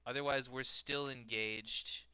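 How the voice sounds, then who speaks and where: A man giving casual, rambling gameplay commentary, joking with his opponent and filling pauses with lots of "uh". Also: mid-range voice, fairly even intonation, bright, forceful tone, clear, resonant tone, no echo. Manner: rambling, joking banter with frequent fillers. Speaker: multiplayer strategy game player and co-host.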